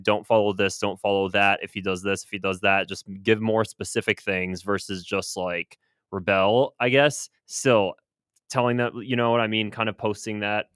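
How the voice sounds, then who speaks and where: Male commentator, low clear voice, dry close mic, loose hesitant delivery. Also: a bit bright, dry recording. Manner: rambling, hesitant, with restarts and chuckles. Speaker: political commentator. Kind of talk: casual commentary on news clips.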